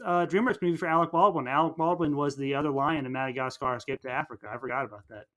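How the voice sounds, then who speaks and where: This young film-podcast co-host talks fast with few pauses, in a fairly high and fairly bright voice. He's casual and eager, rambling along and often starting his sentences over.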